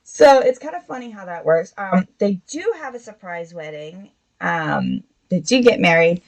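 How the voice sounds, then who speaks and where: A woman's voice: on the low side, expressive, unhurried, darkish tone, rough recording. A woman hosting a casual book review podcast, retelling the plot in a rambling way with many fillers.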